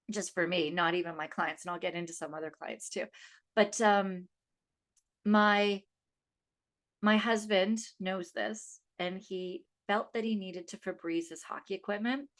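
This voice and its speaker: A woman in her thirties hosting a podcast, telling personal stories in a chatty, animated way and acting out the dialogue. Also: medium pitch. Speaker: podcast host. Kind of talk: casual storytelling monologue.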